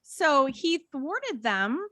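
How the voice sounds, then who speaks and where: A woman's voice: high voice, drawn-out words, no room sound. An American woman co-hosting a podcast, casually retelling an old folk tale and reading passages aloud. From United States. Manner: animated storyteller, reads out old tale with put-on voices. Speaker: podcast co-host.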